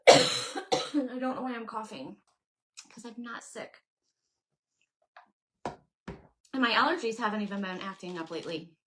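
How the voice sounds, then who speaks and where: A woman's voice: on the high side, unhurried, long pauses, a bit bright, a little hiss or hum. A woman hosting a casual crafting livestream, chatting away and thinking aloud as she works and answers her viewers. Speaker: craft channel host.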